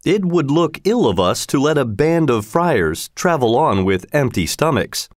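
A man voicing a bold, cheerful outlaw leader in a storybook reading, speaking in a jaunty, mocking way with a raised pitch. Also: big pitch swings, a little slow, darkish tone, dry recording, studio quality.

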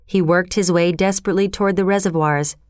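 Woman, storybook narrator, calm expressive reading, crisp voice, dry recording. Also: fairly low pitch, fast, no echo.

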